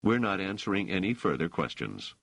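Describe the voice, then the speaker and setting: A man's voice: sits low, big pitch swings, a little fast, vocal fry, fairly bright tone, no room sound, voice pushed up, exaggerated voice. A man voicing an indignant scholar who answers accusations firmly, hotly and grimly. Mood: defiant. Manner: firm, hot and grim. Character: indignant male scholar under questioning.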